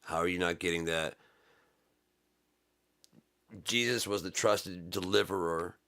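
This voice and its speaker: A middle-aged man giving a casual religious monologue, reading scripture slowly and riffing on it in blunt, profane everyday talk. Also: sits low, fairly bright tone. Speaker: religious commentator.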